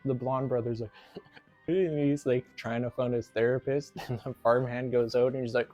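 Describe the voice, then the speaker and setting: Soft background music plays as a man with a mid-range, steady, slightly mellow voice speaks at a moderate pace. As a movie reviewer, he casually rambles through a film's plot, saying "like" a lot and frequently laughing.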